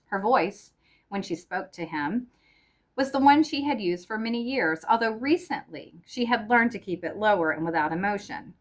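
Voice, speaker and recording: A woman narrating a short story in a measured, even audiobook reading. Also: mid-range voice.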